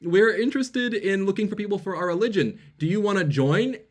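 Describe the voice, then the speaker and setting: A man voicing a polite elderly woman with a high, sweet, overly courteous manner. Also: brisk, lightly acted. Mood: sweetly polite.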